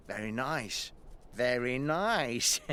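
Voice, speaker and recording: A man's voice: mid-range voice, creaky, bright, forceful tone, exaggerated voice. An actor playing a crude, leering male thug in a video game, sneering and mocking with frequent chuckles.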